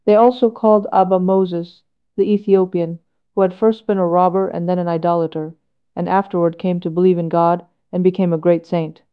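Female sermon reader; steady, measured, low smooth voice; muffled recording. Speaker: reader of a homily. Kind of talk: read sermon. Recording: dull lo-fi recording.

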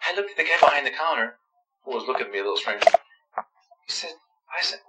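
A man who is an Orthodox priest, giving a sermon with lively storytelling and quoted dialogue. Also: medium pitch, fairly quick, over loud music, low-quality recording.

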